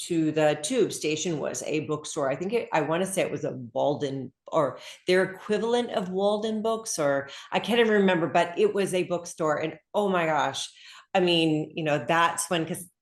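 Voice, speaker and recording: A middle-aged woman author talks in a loose, chatty way with plenty of fillers and quick laughs. Her voice sits fairly low. She is heard over a video call in a room with a noticeable echo. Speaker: author guest. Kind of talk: casual interview chat. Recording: echoey room.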